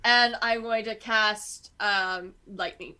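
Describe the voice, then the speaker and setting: A woman playing a tabletop game, excitable and quick to cheer. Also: medium pitch. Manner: excitable, animated. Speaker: player. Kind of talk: casual tabletop play.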